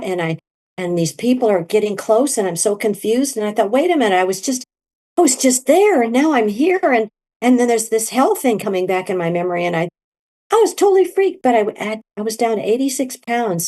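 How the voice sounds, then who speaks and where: A middle-aged woman telling her story in an interview, animated and leaping into high quoted voices. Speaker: guest, near-death experiencer.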